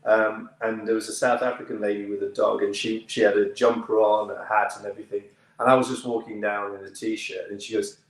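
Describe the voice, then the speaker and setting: A man from the United Kingdom, an actor, telling anecdotes in an interview with lively delivery and frequent laughter. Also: on the low side, a little fast. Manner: lively storyteller, laughs often, acts out other voices. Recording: roomy echo.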